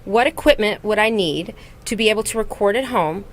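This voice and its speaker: A woman's voice: medium pitch, a little fast. Bubbly woman talk-show host. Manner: bubbly, enthusiastic. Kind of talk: casual interview chat.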